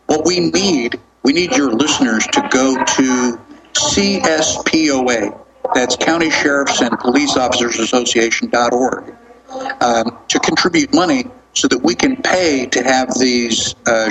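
Measured male radio guest. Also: mid-range voice, noisy background.

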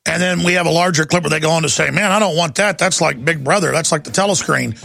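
Gravelly, ranting high-voiced man. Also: fast talker. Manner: fervent, ranting, rising to shouts. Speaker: radio talk show host. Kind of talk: impassioned talk radio monologue.

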